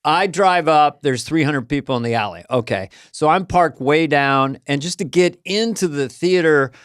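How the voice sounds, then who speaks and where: A man co-hosting a podcast, spinning a story in easy, casual chat. His voice sits a touch high, and he jumps into bits where he acts out the people in it. The sound is dry and close on a studio mic. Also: normal speed, no echo. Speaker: podcast co-host.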